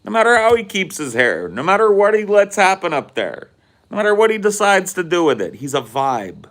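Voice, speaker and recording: A man's voice: high voice, sing-song, fairly quick, fairly bright tone. A man hosting a podcast, telling a rambling, profane story in casual chat. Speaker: podcast host.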